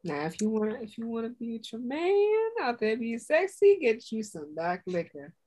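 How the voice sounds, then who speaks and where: A woman co-hosting a podcast in casual chat, loud and playful with lots of slang and exclamations. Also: fairly high pitch, huge pitch swings, normal speed. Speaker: podcast co-host.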